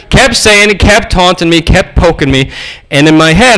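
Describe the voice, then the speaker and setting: Animated, high-voiced male preacher. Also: normal speed, few pauses, rough recording. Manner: animated, acts out voices in his stories. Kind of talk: storytelling sermon.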